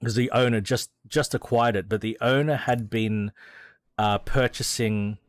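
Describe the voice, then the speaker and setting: A man's voice: lowish voice, steady tone, measured pace, dry recording, studio quality. An Australian man chatting casually as he streams a racing game, rambling with hesitations and restarts. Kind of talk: casual gameplay commentary.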